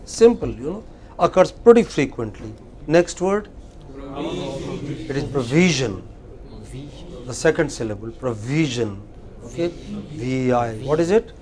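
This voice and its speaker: A man teaching English pronunciation in a university classroom with an Indian English accent, correcting students and slowly repeating words for them to copy. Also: mid-range voice, lively intonation, crowd noise.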